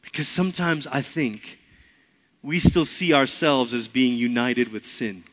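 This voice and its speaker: A man preaching a sermon as pastor, swinging from loud and emphatic to hushed. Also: medium pitch, animated, a little slow.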